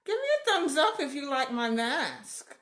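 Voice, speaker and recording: A playful woman chats with her viewers in a live stream from home. Her speech is slow and unhurried, and her fairly high voice swings up and down with lively energy. The sound is echoey, as in a bare room. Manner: playful, greets viewers by name, laughs often.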